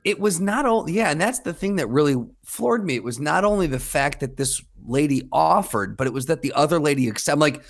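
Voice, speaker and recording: A man's voice: fairly high pitch, animated, a little fast, vocal fry, few pauses. A man co-hosting a casual podcast, telling a story and acting out the people in it. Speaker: podcast co-host. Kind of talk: casual chat.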